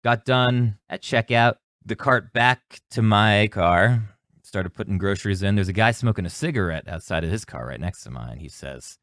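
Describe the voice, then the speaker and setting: Young man, low voice, casual podcast host, jokey rambling, dry close sound. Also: normal speed, dry recording. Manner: rambling, jokey, animated retelling with cursing. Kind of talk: casual solo storytelling.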